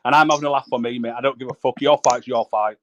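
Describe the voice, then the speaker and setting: A man's voice: mid-range voice, fairly even intonation, fast talker, a bit bright, dull audio. A man on a livestream panel, blunt and sweary, repeating himself insistently. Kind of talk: heated livestream panel chat.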